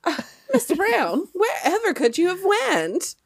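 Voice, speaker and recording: A fretful 1930s lady with a lilting transatlantic accent, as a podcaster puts her on calls out in a sing-song, plaintive voice. Her voice sits well above the performer's usual pitch. It is recorded dry and close. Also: wildly swooping pitch, a little slow, creaky, no echo, heavily acted.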